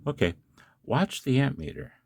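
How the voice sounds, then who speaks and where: A man's voice: mid-range voice, big pitch swings, normal speed, vocal fry, a little hiss or hum. A tired man, up late at night, casually demonstrating a hobby device and chatting to the viewer with questions and chuckles.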